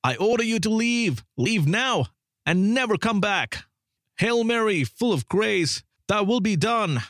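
A man's voice: high-pitched, lively intonation, a little slow, a bit bright, no echo, clean studio sound, pitched above the performer's own voice. A man voicing a frantic male priest who commands a demon in an urgent, raised voice. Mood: commanding.

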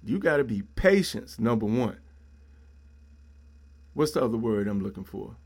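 A man's voice: lowish voice, expressive, moderate pace, darkish tone, husky. A middle-aged man hosting a solo podcast, ranting in a blunt, preachy way and leaning on "man" and "yo". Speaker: podcast host.

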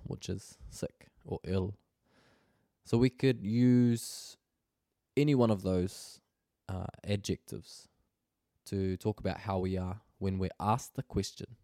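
Kiwi guy teaching a language, real slow and patient, low mellow voice. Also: dry recording, studio quality. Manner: slow, patient explaining with careful pronunciation. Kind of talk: language lesson.

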